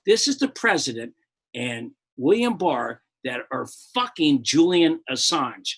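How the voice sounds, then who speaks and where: A man's voice: a little high, expressive, unhurried, fairly bright tone, breathy edge. An older American man, a comedian hosting a live show, ranting about politics in a profane, rambling, heated way with many restarts.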